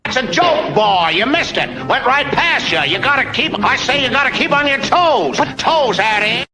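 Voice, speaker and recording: Brief: loud drawling cartoon rooster, very high, over music. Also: male voice, expressive, normal speed, poor audio. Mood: blustering. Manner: drawling, repeats himself, lecturing "boy".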